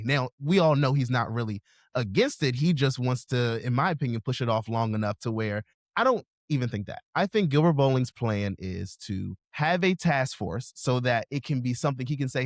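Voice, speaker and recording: A man's voice: mid-range voice, animated, no room sound, clean studio sound. Man hosting a casual podcast chat. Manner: measured, conversational, weighs both sides. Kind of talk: casual political discussion.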